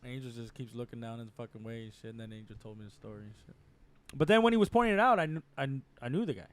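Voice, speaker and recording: A man's voice: mid-range voice, rapid-fire, no echo. A young man co-hosting a casual podcast chat, teasing and profane as he chimes in. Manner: teasing, animated interjections, profane. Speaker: podcast co-host.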